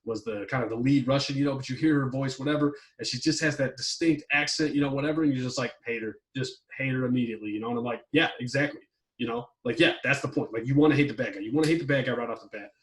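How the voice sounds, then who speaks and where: Fast-talking rambling man, a bit off-mic. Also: mid-range voice, distant mic, poor audio. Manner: rambling, heavy on fillers, swears when worked up. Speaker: podcast co-host reviewing a movie plot. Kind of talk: casual chat.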